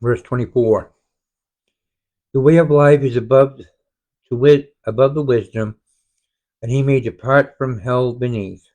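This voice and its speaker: Slow, halting man reading scripture. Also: medium pitch, steady tone, a little mellow. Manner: halting, frequent self-corrections and restarts. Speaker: Bible study leader. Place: home, online group study.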